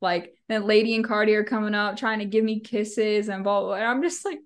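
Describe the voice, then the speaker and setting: A woman's voice: medium pitch, a little fast. A woman co-hosting a podcast in casual chat, blunt and swearing freely, laughing often. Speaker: podcast co-host.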